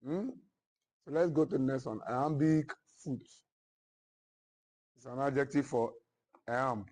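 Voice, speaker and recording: A man lectures a classroom on literature in a husky voice. He speaks very slowly, repeats key phrases several times, and keeps checking that his students understand. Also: medium pitch, darkish tone, rough recording. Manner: slow, repetitive, checks understanding often. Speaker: literature teacher.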